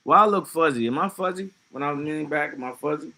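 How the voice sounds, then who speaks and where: A man's voice: a little high, quick pace, bright, forceful tone. A man streaming live, chatting casually and reacting to chat comments in a loose, profane way with laughing asides. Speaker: livestreamer.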